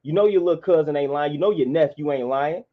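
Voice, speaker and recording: A man's voice: a little high, quick pace. A man, delivering an impassioned monologue in a preachy, repetitive, emphatic way. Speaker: vlogger. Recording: dull lo-fi sound.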